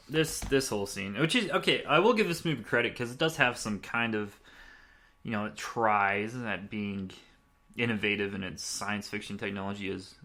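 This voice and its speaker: A young man hosting a podcast, giving a rambling, excitable movie review and laughing often. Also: medium pitch. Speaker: podcast host.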